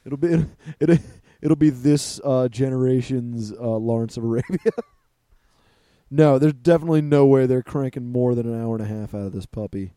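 A man with a very dark, mellow voice hosts a relaxed movie chat. He jokes and laughs often as he moves things along. The sound is dry and close. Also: mid-range voice, normal speed, no echo. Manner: joking, laughs often, leads the segments. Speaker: podcast host. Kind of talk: casual movie-trailer chat.

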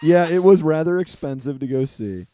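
A man's voice: on the high side, lively intonation, moderate pace, noisy background. A young man hosting a casual movie review podcast, laughing often and restarting his sentences with fillers. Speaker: podcast host.

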